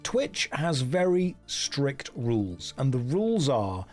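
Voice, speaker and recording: A man's voice: mid-range voice, sing-song, slow, a little mellow, faint music behind. A British man chatting casually on a game stream, joking, mocking himself and reading out chat. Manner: joking, self-mocking, reads chat aloud.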